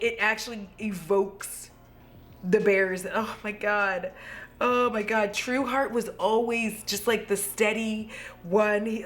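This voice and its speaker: A tipsy woman hosting a casual makeup review vlog from home, gushing, excitable and swearing freely. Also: mid-range voice. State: tipsy from drinking. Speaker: beauty vlogger.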